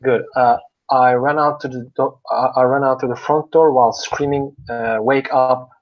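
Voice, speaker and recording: A man's voice: medium pitch, fairly even intonation, moderate pace. Hesitant man on a dull lo-fi mic. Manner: hesitant, asks rules questions. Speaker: player. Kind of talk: casual tabletop play. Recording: dull lo-fi sound.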